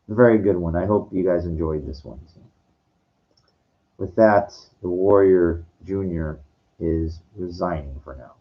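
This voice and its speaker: A man hosting his own channel, ranting in a passionate, halting way and repeating himself often. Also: deep voice, dull audio. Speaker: host. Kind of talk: rambling movie rant.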